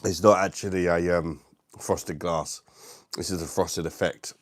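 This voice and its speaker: Laid-back deep-voiced British man. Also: steady tone, a little slow, no echo, studio quality. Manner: laid-back, laughs often, says mate a lot. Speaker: livestream host. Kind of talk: casual live-stream chat reading viewer comments. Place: his dining room at home.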